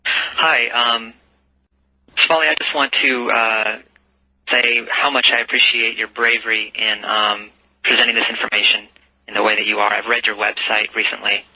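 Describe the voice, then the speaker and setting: Male caller, hesitant, piercingly bright tone, dry sound. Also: lowish voice, level tone, normal speed, no room sound, rough recording. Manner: hesitant, many ums. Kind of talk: call-in question.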